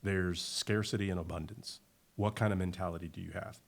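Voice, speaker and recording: A middle-aged man, a winery owner, talking as a guest in a casual podcast conversation, an animated and emphatic storyteller. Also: low voice, brisk, vocal fry.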